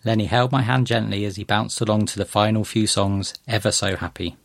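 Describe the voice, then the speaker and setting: A man reading a first-person short story aloud in a gentle, measured way. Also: fairly low pitch, no room sound, studio quality. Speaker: narrator.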